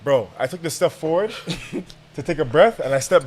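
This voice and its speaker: A young man guest on a podcast, telling a story in a casual, animated, slangy way and laughing as he goes. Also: fairly high pitch, moderate pace, a little hiss or hum.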